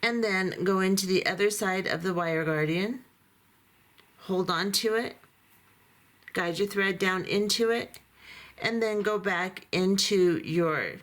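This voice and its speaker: Calm woman teaching a beading tutorial. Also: fairly low pitch. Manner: calm, methodical, talks through each step while working. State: voice going hoarse. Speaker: beading instructor. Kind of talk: step-by-step craft tutorial.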